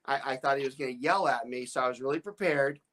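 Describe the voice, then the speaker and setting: A man's voice: medium pitch, fast talker, a bit bright. A man, a real estate broker, hosting a podcast and telling a story in a rambling, stammering way with frequent laughs. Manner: rambling, with many restarts and stammered repeats; laughs often while telling stories.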